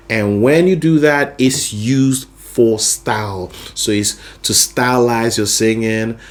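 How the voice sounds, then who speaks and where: A man's voice: medium pitch, darkish tone. A man teaching a singing lesson, explaining voice registers and often checking in with the listener. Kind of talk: explaining with sung demonstrations.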